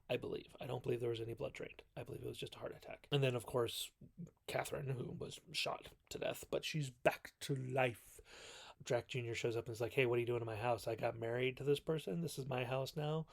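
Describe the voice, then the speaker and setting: Here the movie recap host speaks in a creaky, mid-range voice. Reviewing classic films casually, he wanders off track, fixes his own mistakes, and does mock voices for the characters he quotes.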